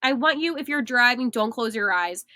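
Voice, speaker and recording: A young woman hosting a sports podcast, animated and emphatic, laughing at herself now and then. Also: on the high side, moderate pace, dry recording. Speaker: podcast host. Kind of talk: excited sports podcast talk.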